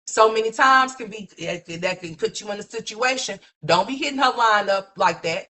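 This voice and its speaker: A woman's voice: mid-range voice, expressive, moderate pace, few pauses, sharp tone. A woman hosting a livestream, ranting in a blunt, mocking, profane gossip commentary full of rhetorical questions.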